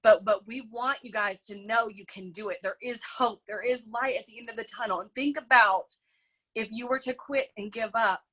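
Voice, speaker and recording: Bright, effusive woman hosting a video call. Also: a little high, moderate pace, low-quality recording. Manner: effusive and emotional, addresses the group as y'all. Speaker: host of a group video call.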